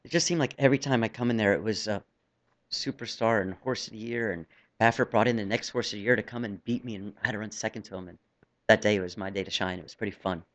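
A man's voice: lowish voice, quick pace. Chatty rambling jockey, middle-aged man. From New Jersey. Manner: rambling, chatty, laughs often. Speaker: jockey guest. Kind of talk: casual radio interview.

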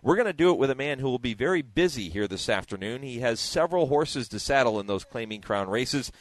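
A man's voice: mid-range voice, lively intonation, brisk, no room sound. A man hosting a radio show, chatting casually with restarts and asides.

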